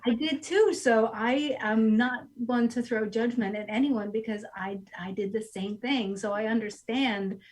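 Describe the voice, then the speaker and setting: A woman in her forties who runs a goat sanctuary is a guest on a casual podcast interview at her rural home. Her voice is fairly high, at a measured pace with few pauses. She tells her story animatedly, acting out her past self in lively quoted asides.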